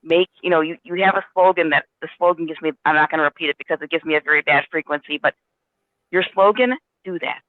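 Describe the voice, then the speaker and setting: Fast-talking man on a phone line. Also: a little high, dry recording. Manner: earnest, storytelling, many restarts. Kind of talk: casual spiritual discussion. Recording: dry, tinny phone line.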